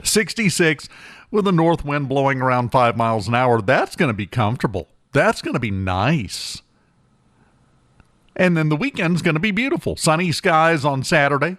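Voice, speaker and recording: A man's voice: medium pitch, a bit bright, no echo, studio quality. A male morning radio talk show host, running through the weather with wry, joking asides. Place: radio studio. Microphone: close studio mic.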